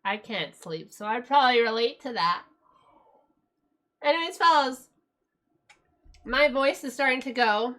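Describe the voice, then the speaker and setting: A woman's voice: on the high side, normal speed, long pauses, sharp tone. A woman from Britain chatting casually on a live music stream, giggly and full of fillers.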